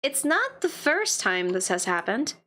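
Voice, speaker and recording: A woman's voice: sits high, very animated, unhurried, pushed and bright. A woman streaming a game, reading its dialogue aloud and reacting playfully between lines. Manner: playful, reads text then comments with laughs.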